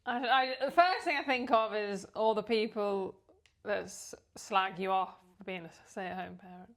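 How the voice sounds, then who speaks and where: A woman's voice: medium pitch, normal speed, a bit bright. A woman from South Africa co-hosting a casual podcast chat, talking candidly and frankly. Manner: candid, frank, sometimes trailing off. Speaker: podcast co-host.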